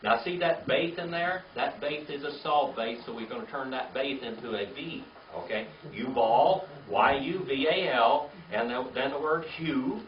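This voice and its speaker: A man's voice: medium pitch, normal speed, few pauses, slight background noise. A man teaching a Bible class, spelling out words letter by letter and having the class repeat them. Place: classroom or church meeting room. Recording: echoey room, distant mic, dull lo-fi.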